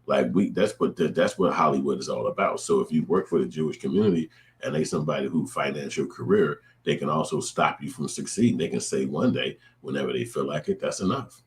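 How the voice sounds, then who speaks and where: A man's voice: rumbling low, fast. A man hosting his own show, talking straight to viewers in a blunt, profane, preachy rant. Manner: blunt, profane, preachy ranting with acted-out quotes. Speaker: show host. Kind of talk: casual opinion monologue to viewers.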